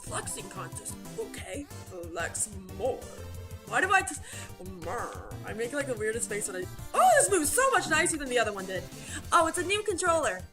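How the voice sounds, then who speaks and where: A woman's voice: high voice, very animated, a little fast, rough recording. A woman giving let's-play commentary with rambling, giggly asides. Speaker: gamer. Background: game music.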